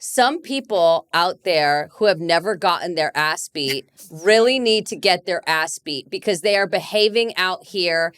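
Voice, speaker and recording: A woman co-hosting a podcast, reacting with quick questions and frequent laughs. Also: lowish voice, animated, a bit bright, clear, resonant tone. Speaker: podcast co-host. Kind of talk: casual chat.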